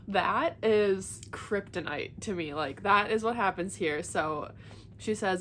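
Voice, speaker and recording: A woman's voice: mid-range voice, moderate pace, a little hiss or hum. A young woman vlogging about a book series she is rereading, chatting with many filler words and reading passages aloud. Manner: gushing, excitable, many "like" fillers. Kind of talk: casual chat and reading aloud.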